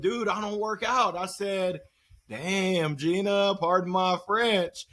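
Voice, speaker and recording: A man speaking as a podcast guest and motivational speaker, telling stories in a playful, animated way and acting out the voices of the people he quotes. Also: sits high, slow. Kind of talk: energetic storytelling conversation.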